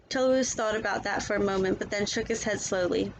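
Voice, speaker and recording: Woman storyteller, gentle children's read-aloud, mid pitch. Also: fairly quick, a little hiss or hum, rough recording.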